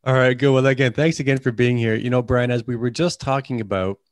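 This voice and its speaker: A man's voice: medium pitch, fairly even intonation, fast, no echo. Middle-aged canadian guy hosting a podcast, chatty and upbeat, dry close sound. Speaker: podcast host. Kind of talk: casual interview chat.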